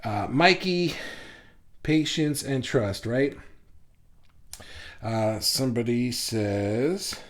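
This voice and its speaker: A man hosting a casual livestream, talking excitedly to viewers and reading their comments, halting often with restarts. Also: mid-range voice. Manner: says he talks fast when excited. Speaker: livestream host. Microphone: phone.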